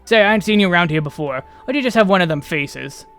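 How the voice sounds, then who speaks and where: A man voicing a gruff, worn-out male laborer in a game, talking in a coarse, drawling rustic way. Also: sits high, lively intonation, fast, fairly bright tone, soft background music. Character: gruff weary male corpse hauler, folksy.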